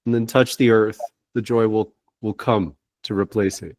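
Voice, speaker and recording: Halting, reassuring man on a video call. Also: on the low side, fairly even intonation, a little mellow, no echo. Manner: reassuring, halting with frequent restarts. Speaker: spiritual guide giving readings. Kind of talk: gentle spiritual counseling over a video call.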